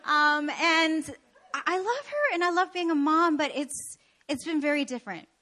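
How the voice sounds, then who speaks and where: Woman preacher from Canada, high pitch, animated and laughing at herself in the pulpit. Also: normal speed. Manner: animated, laughing, self-deprecating. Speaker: pastor. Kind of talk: sermon with personal stories.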